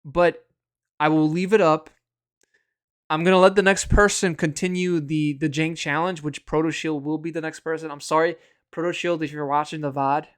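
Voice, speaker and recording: A man's voice: fairly high pitch, steady tone, moderate pace, smooth. A man streaming a video game, chatting casually, rambling and swearing at the game, with chuckles. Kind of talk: casual live-stream chat.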